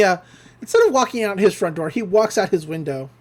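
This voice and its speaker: A man's voice: sits high, lively intonation, fast talker, a little mellow. A man casually recapping a cartoon episode on a podcast, acting out the characters' lines and laughing often. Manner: acts out characters' lines with shifting voices; laughs often, with many fillers. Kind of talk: casual chat, retelling scenes.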